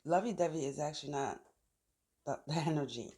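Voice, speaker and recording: In a low, dark-toned voice, a tarot reader talks briskly through a casual reading in the sun. She's chatty and muses aloud while drawing each card outdoors.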